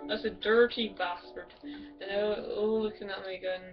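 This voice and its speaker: A woman's voice: medium pitch, fairly even intonation, moderate pace. Giggly crude woman, distant mic. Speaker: gamer. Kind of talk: rambling game commentary. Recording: distant dull mic with music.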